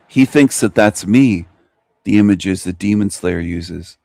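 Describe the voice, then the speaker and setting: A man's voice: fairly low pitch, unhurried, creaky, warm tone, no echo. Blunt, profane man ranting on a dry mic. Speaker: channel host. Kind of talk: livestream commentary.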